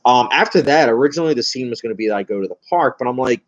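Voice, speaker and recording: A man's voice: medium pitch, expressive, racing, muffled recording. A young man answering viewer questions in a casual livestream, rambling and chatty with many fillers and a nervous, self-described anxious manner. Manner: rambling, chatty, frequent fillers, laughs often.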